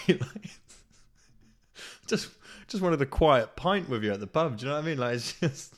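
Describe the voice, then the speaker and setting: A man's voice: mid-range voice, expressive, moderate pace, long pauses. A man hosting a podcast, telling a funny story in a rambling, casual way, swearing often and laughing as he goes. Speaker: podcast host.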